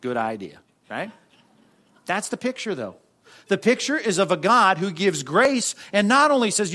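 Conversational preaching man, higher voice. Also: big pitch swings, bright, forceful tone. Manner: conversational preaching with frequent "right?" asides; slows and stresses quoted scripture. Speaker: pastor. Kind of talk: sermon.

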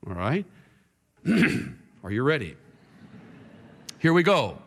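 A man preaching a sermon to a congregation, dramatic, moving from hushed tones to shouting. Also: medium pitch, huge pitch swings, slow, pauses often, noisy background. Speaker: pastor. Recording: long reverb hall with faint music.

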